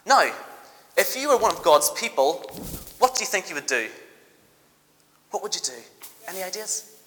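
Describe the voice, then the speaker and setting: A teacher leading a church education service, telling a Bible story lively and directing volunteers with quick requests and praise. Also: medium pitch, long reverb tail.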